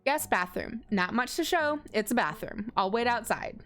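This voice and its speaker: A woman voicing a terse young woman who gives a house tour in a story game, speaking in a flat, curt way. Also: fairly high pitch, normal speed, soft background music. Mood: dry.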